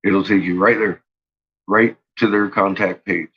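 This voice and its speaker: A man's voice: low-pitched, fairly even intonation, a little slow, highs cut off. A man vlogging an angry rant to his viewers. He swears constantly and stumbles through restarts. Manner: agitated, profane, stumbling restarts.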